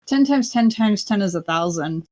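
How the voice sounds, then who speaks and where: A woman's voice: medium pitch, animated, moderate pace, mellow. Chatty woman, casual stream talk. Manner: chatty, fills her speech with "like". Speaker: livestream co-host. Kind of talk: casual livestream chat.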